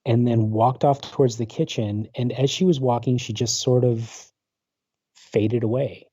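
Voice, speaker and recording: A man's voice: medium pitch, steady tone, a little slow, warm tone, dry recording. A man in his forties, guest on a talk show, telling a personal story in a rambling way full of fillers and restarts over a video call. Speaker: guest, paranormal researcher. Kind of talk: casual storytelling interview. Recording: dull lo-fi internet call audio.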